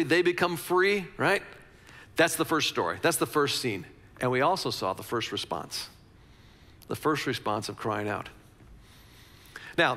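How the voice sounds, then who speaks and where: A man's voice: on the high side, a bit bright, big-room sound. A man preaching a conversational sermon as a pastor, repeating phrases for emphasis.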